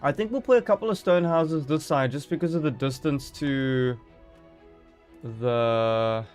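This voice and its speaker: A man's voice: medium pitch, a little slow, soft background music. A man streaming a game live, chatting casually and joking as he thinks aloud.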